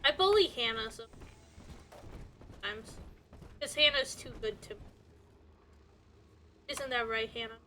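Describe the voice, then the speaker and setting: Slow, high-voiced playful woman streamer. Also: animated, sharp tone, soft background music. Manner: chatty, playful, laughing. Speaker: game streamer. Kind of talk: casual chat while gaming.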